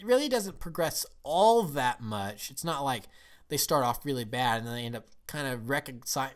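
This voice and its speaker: A man's voice: medium pitch, fairly bright tone. A man talking casually as a film and TV reviewer, eager and rambling, often restarting his sentences.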